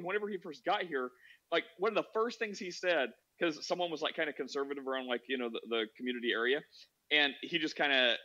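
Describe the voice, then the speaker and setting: On a podcast, a man rambles through a long anecdote, packing his speech with "like." His voice runs on the high side with a sharp tone, and the audio is dull and lo-fi.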